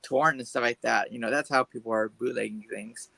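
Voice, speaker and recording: A man's voice: medium pitch, steady tone, a little fast, creaky, pushed and bright, dry recording, poor audio. A man in casual group chat, explaining things patiently with frequent fillers.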